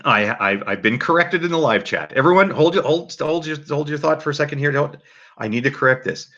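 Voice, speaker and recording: A man hosting a casual livestream commentary, rambling and animated, with frequent restarts. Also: on the high side, fairly quick. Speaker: livestream host. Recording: dull lo-fi mic.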